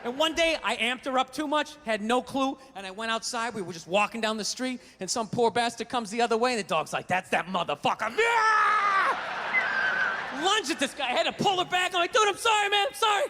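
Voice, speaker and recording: Ranting high-voiced male stand-up comic. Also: lively intonation, fast talker, few pauses, pushed and bright, in a large hall, slight background noise. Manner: ranting, exasperated, profane. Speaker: stand-up comedian. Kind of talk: stand-up comedy routine.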